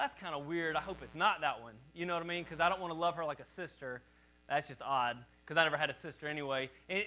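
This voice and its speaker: A man's voice: high voice, pushed and bright. A male pastor preaching a sermon in a conversational, joking way, calling on the congregation to repeat words back to him.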